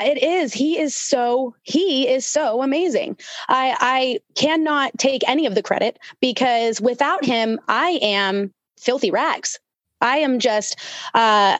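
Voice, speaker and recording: High-voiced woman giving fervent testimony. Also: no room sound, lo-fi sound. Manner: fervent, emotional testimony with fast bursts. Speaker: guest. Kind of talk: podcast interview.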